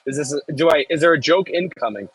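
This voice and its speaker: Easygoing Midwestern man with a husky voice. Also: fairly high pitch, expressive, moderate pace, no room sound, low-quality recording. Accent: Midwestern American. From Midwest United States. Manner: easygoing, chatty, jokey asides. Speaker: farm worker live-streaming from an excavator. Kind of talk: casual live-stream chat, reading viewer comments.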